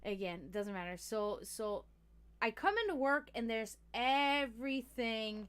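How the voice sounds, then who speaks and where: A woman talking casually to her stream audience in a slightly high voice. She rambles, swears freely and breaks into laughter often. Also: animated, a little slow, fairly bright tone, smooth. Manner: chatty, profane, laughs often. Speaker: livestream host.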